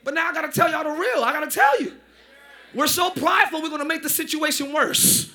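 Man, pastor, sermon, very high voice, very bright tense tone, shouting, joking. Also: a little fast. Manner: shouting, preaching with humor. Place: church sanctuary.

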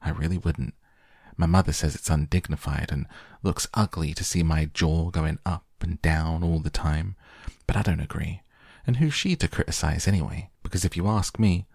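A man reading the part of a loud, boastful young girl who chews gum and chatters fast. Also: rumbling low, creaky, no room sound, studio quality, exaggerated voice.

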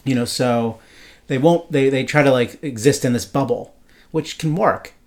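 A man chats about a novel on a podcast, keen and a little rambling. His sentences loop back with "like" and "you know". His voice sits at an ordinary middle pitch. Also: normal speed. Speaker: podcast co-host. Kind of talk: casual book discussion.

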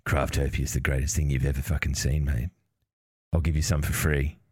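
A man doing a shady trench-coated dealer who gets right in your face, gruff and sly, pitched a bit lower than usual. He sounds low and pushy. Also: little pitch movement, a little fast.

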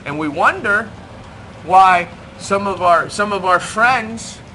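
A man's voice: high-pitched, lively intonation, slow pace, pushed and bright, slight background noise. A middle-aged man preaching in a church, joking and self-deprecating as he talks to the congregation. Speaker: pastor. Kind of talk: sermon. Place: church hall.

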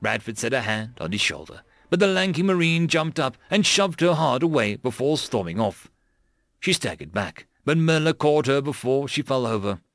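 A man narrating an audiobook in an expressive voice, voicing many characters. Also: mid-range voice, moderate pace, dry recording, clean studio sound.

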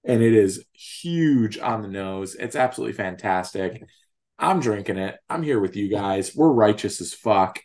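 A man's voice: fairly low pitch, expressive, unhurried, darkish tone. A man hosting a TV-show discussion podcast, joking in a mock-grandiose, profane way. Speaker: podcast host. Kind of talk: casual podcast chat.

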